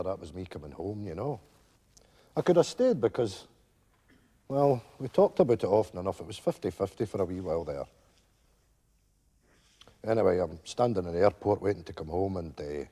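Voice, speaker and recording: An old Scottish widower, a meandering storyteller who piles up fillers and asides. His voice sits low, dark and husky, but his pitch swings animatedly. It rings out on a theatre stage with a long reverb. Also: full character voice. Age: older. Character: elderly widowed male pensioner, rambling storyteller. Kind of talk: live stage sitcom acting.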